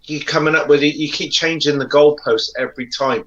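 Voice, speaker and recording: A man's voice: a little high, fairly even intonation, brisk, a bit bright. A man dropping into a live-stream chat as a guest, teasing the host and then ranting with indignation. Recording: dull lo-fi sound.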